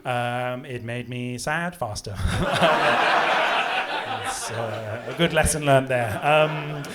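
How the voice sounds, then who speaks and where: A man in his thirties performing a stand-up comedy set, telling stories with lively, shrill indignant outbursts. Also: takes it slowly, very noisy. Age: 30s. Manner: animated storytelling, shrill outbursts when acting indignant. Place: pub comedy room with live audience. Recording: live pub gig with crowd laughter.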